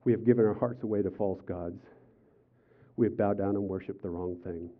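An older man preaching a sermon as pastor, telling personal stories with animated, acted-out quotes. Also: on the low side, brisk. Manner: animated storytelling, acts out quotes with raised voice. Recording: tinny phone-like sound.

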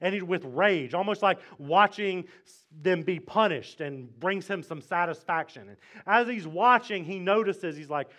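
A man's voice: high voice, normal speed, few pauses, sharp tone. A male pastor from Mississippi, retelling a scripture story in a casual, joking sermon. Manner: conversational, jokey, retells scripture in slang.

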